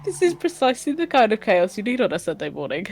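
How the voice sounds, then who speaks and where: A woman's voice: mid-range voice, big pitch swings, darkish tone, a little hiss or hum. A giggly woman joking around in casual chat on a livestream. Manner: giggly, drawn-out.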